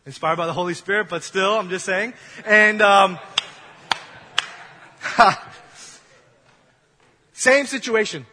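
A young man preaches in a church hall, keeping it casual and acting out little scenes as he goes. His voice sits high and sounds bright and a little husky. Long reverb rings off the walls of the hall. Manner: casual, joking storytelling, acts out voices. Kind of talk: sermon.

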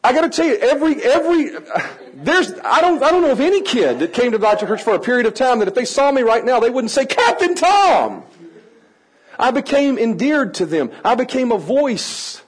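A man teaching a room of adults how to work with children, energetic and playful, coaxing the audience to join in. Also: very high-pitched, fairly quick, breathy edge, low-quality recording. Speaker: children's ministry trainer. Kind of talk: lively teaching talk to an audience.

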